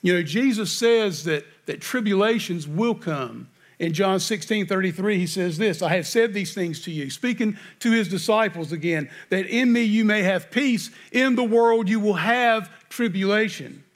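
A man's voice: high-pitched, normal speed, hardly any pauses. A man preaching a sermon, reading scripture aloud and asking earnest rhetorical questions. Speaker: pastor.

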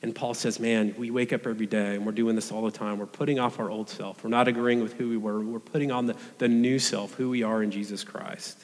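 A man's voice: lowish voice, level tone, brisk, hardly any pauses. Earnest man preaching in a reverberant hall. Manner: conversational, earnest, casual fillers like "man". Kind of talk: sermon.

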